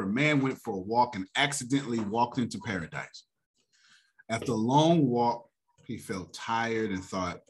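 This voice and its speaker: A man hosting a motivational finance talk, animated and preacher-like, often laughing. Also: mid-range voice, moderate pace. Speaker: host.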